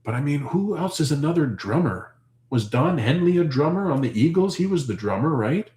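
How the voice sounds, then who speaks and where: A man's voice: on the high side, lively intonation, brisk, a little mellow, echoey room. A man hosting his homestead channel, chatting casually and answering viewers' comments in a rambling, thinking-aloud way.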